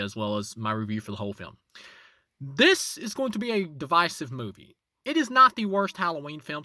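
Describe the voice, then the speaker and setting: Animated man giving a film review. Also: dry recording, studio quality. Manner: animated, voice jumps up high for emphasis. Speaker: movie reviewer, channel host. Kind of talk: casual spoken film review.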